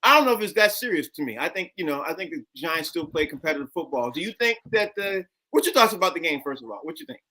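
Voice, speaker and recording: A man hosting a casual sports talk show, loud and upbeat, bringing in guests. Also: fairly high pitch, big pitch swings, fast, hardly any pauses, low-quality recording.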